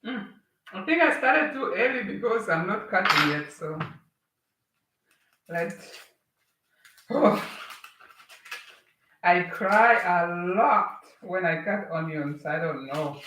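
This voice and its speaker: A woman's voice: on the low side, expressive, takes it slowly, pauses often, a bit bright. Chatty woman streaming from a roomy kitchen. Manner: chatty, greets viewers as they come in. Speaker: cooking livestream host. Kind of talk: casual live cooking chat. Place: home kitchen. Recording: roomy, distant, with clear background noise.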